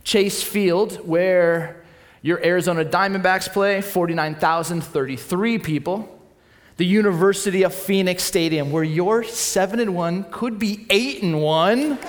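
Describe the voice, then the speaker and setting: A man from Southern California preaching a storytelling sermon, acting out voices and swinging from loud to quiet. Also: high voice, normal speed, long reverb tail, a faint crowd, a little hiss or hum.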